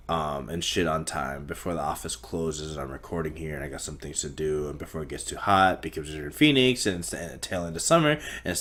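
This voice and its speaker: A man's voice: deep voice, fairly bright tone. A young man rambling through a profane solo podcast monologue, talking in circles. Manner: rambling, profane, stream of consciousness. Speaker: podcast host.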